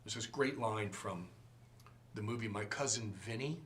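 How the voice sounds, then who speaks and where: A man teaching a Sunday school class, animated and joking, acting out quotes as he goes. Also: lowish voice, normal speed. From from outside the region. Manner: animated, jokes and acts out quotes.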